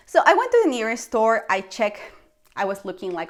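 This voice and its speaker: A young woman from Mexico with a Mexican Spanish accent, a Spanish native speaker, telling a casual vlog story and acting out her own reactions with lively exclamations. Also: medium pitch, a little fast. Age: young adult. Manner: animated, acts out her past reactions with exclamations. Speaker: vlogger.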